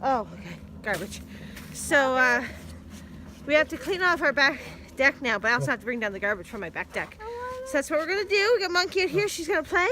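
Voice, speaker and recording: Her voice sits high and swings widely in pitch, moving fairly quickly over background noise. Feeling sick, the mother and vlogger chats casually to viewers and her dog on a handheld phone, indoors at first and later outside in the snow.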